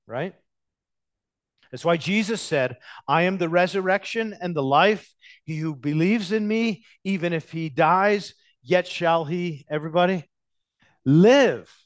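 A man preaching an expository sermon as a pastor, animated and emphatic, with sudden loud stresses and slowly drawn-out words. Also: on the high side, no room sound.

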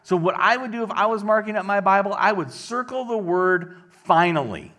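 A middle-aged male pastor delivering a casual, conversational sermon after a quiet opening prayer. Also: high-pitched, lively intonation, normal speed.

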